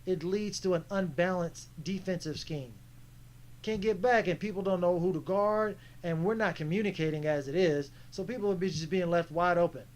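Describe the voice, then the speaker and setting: A man's voice: high-pitched, normal speed. A man commenting casually on footage of his own basketball game, frustrated and critiquing his teammates. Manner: frustrated, animated coaching critique.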